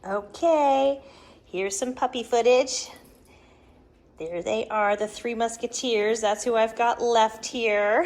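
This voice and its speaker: A woman in a living room chats casually to her viewers in a slightly higher voice. She giggles often and drifts into sing-song baby talk. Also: darkish tone. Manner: chatty, giggly, slips into high baby talk with puppies. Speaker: dog breeder and channel host. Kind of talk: casual vlog chat. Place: indoor living room at home.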